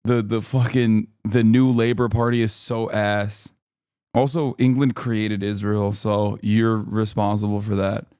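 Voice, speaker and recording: A man's voice: on the low side, level tone, a little slow, mellow, smooth, dry recording. A man streaming casual reaction commentary, sarcastic and exasperated, swearing freely into a close mic. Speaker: streamer host.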